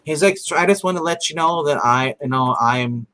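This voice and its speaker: A man's voice: fairly high pitch, a little fast, bright, forceful tone. A man co-hosting a casual episode recap, retelling scenes animatedly and acting out the characters' lines with frequent laughs. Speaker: podcast co-host.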